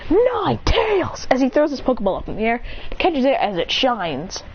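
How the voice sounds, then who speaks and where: Woman storyteller, high lively voice, rambling eager retelling; dull lo-fi recording with faint hiss. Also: brisk. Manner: eager, rambling narration strung together with "as he goes". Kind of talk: casual spoken retelling of a battle story.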